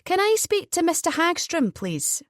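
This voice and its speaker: A woman's voice: very high voice, big pitch swings, normal speed, no room sound, clean studio sound, pitched above the performer's own voice. A woman voicing a cheerful, polite young bank employee from Edinburgh, speaking with an Edinburgh accent in an audiobook. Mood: bright polite. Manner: bright, eager, courteous.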